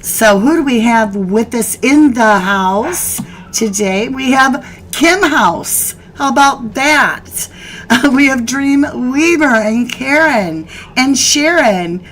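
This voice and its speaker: Woman, live-stream host, casual chatty talk, slow pace, faint background hiss. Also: high-pitched, expressive, a bit bright, low-quality recording. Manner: chatty, scolding her dogs mid-stream, laughing. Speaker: host of a live true crime chat.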